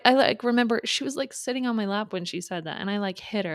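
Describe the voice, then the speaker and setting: A woman telling her own story candidly in a podcast conversation, reflective and halting, often restarting her sentences. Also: on the high side, animated, no room sound, studio quality. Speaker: podcast guest.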